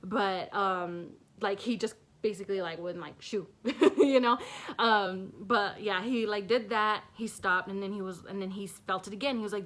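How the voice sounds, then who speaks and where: A woman's voice: mid-range voice, moderate pace, a bit bright. A young woman telling a personal story in a casual vlog, rambling with many fillers and nervous laughs. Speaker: vlogger.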